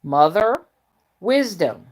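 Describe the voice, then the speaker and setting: A middle-aged woman chatting casually on a live stream, folksy and warm with her viewers, reading out their comments and calling them y'all and honey. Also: fairly low pitch, very animated, slow pace. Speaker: spiritual rootworker hosting a live stream.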